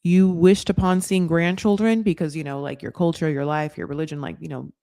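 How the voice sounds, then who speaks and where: An American woman hosting a reality TV recap in casual talk, blunt and profane, with sarcastic rants, many fillers and quick asides. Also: sits low, steady tone, warm tone. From United States.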